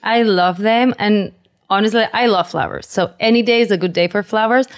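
A woman co-hosting a podcast in casual chat, affirming and quick to laugh. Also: medium pitch. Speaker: podcast co-host.

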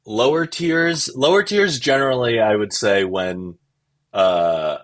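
A man's voice: medium pitch, takes it slowly, fairly bright tone. A man chatting as a podcast guest, casual and hesitant, and reading a lead role in a comedic script read-through. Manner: casual, hesitant, lots of fillers when chatting.

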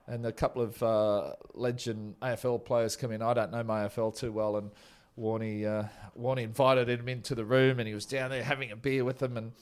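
Ex-cricketer telling rambling stories. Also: male voice, mid-range voice, level tone, brisk, hardly any pauses, clear, resonant tone. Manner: rambling, chuckling storyteller. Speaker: former cricketer, guest. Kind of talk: casual anecdotal interview.

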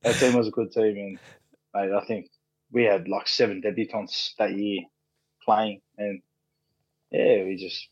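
A man's voice: lowish voice, level tone, unhurried, pauses often, breathy edge, no room sound. An Australian man in his thirties, a podcast guest telling stories in casual chat, laid-back and full of fillers, swearing freely. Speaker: podcast guest, rugby league player. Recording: dull, dry sound.

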